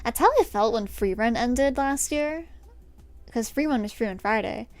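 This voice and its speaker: A young woman livestreaming from her desk at home, chatting casually with her viewers, giggling often and sometimes dropping to a soft whisper. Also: a little high, moderate pace, no room sound. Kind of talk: casual chat answering a live chat. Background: faint stream music.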